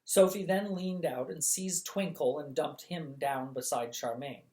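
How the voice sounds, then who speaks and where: Expressive bedtime storyteller. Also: medium pitch, unhurried.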